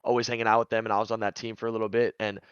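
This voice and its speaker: A man rattling off heated, profane opinions at speed in casual podcast chat. His voice is smooth and clear, recorded dry on a dull, lo-fi mic. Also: lowish voice, flat delivery, rapid-fire, no room sound. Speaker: podcast co-host, esports pundit.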